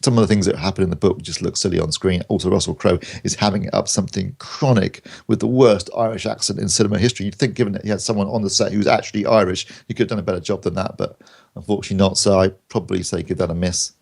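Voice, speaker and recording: A man chats quickly through film picks on a podcast, pausing often with ums and starting sentences over. His low voice has a gravelly, rough edge, and he drops dry asides between the reviews. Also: fairly even intonation, darkish tone. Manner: rambling with many ums and restarts, dry jokes. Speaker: podcast co-host reviewing films. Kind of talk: casual chat.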